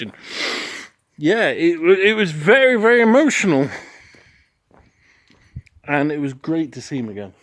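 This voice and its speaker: A man's voice: fairly high pitch, wildly swooping pitch, normal speed, pauses often, fairly bright tone, dry recording. A man in his forties giving a frank, rambling spoken recap of his travel day, full of restarts and swearing. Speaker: travel vlogger. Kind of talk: casual spoken recap to camera.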